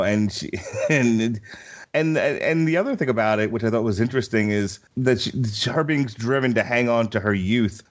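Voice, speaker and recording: A man with a low voice hosts a relaxed comic book podcast. He rambles along with plenty of fillers, clearly amused by the material. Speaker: podcast host. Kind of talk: casual comic book discussion.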